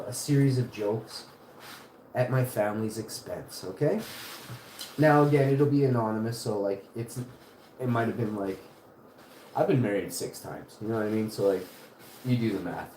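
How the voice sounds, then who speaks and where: A man's voice: mid-range voice, normal speed, long pauses, warm tone, reverberant, a little hiss or hum, low-quality recording. A man hosting a casual livestream from his home kitchen, cooking while he rambles, jokes and cuts himself off mid-thought. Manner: joking, meandering, self-interrupting. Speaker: livestream host.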